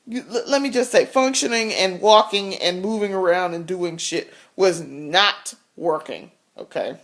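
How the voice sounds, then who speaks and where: A woman's voice: on the low side, a little slow. A woman vlogger telling a story in a casual, blunt rant, swearing freely and laughing often.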